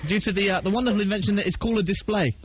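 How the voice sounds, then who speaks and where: A man's voice: sits high, rapid-fire. A man hosting a live evening radio show and teasing his callers with cheeky banter. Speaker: radio host. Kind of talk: lively radio presenting. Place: radio studio. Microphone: studio mic. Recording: muffled radio broadcast recording.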